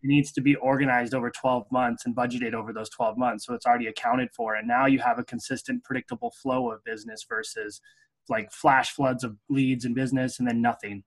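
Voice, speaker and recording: A man co-hosting a casual business talk show, explaining his points in a direct, steady way. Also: medium pitch, a little fast, low-quality recording. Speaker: podcast co-host.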